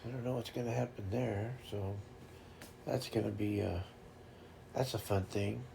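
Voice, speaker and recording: A man's voice: on the low side, fairly even intonation, normal speed, vocal fry, dark tone, a little hiss or hum. A man hosting a casual chat stream, telling rambling fishing stories with lots of restarts and laughter. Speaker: streamer host.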